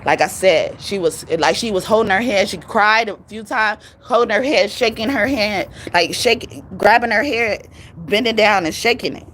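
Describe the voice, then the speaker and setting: A woman talking through a casual live tarot reading at a mid pitch, her voice a little strained. She is animated and profane and hammers her points by repeating them. A faint hum of vehicle noise runs underneath. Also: moderate pace. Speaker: tarot reader.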